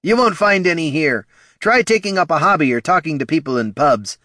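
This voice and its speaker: A man's voice: fairly high pitch, expressive, a little fast, pushed and bright, no echo, clean studio sound, pitched above the performer's own voice. A man doing a blustering young guard. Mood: smug. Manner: boastful then flustered, stammering. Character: nervous young male fort guard, blustering.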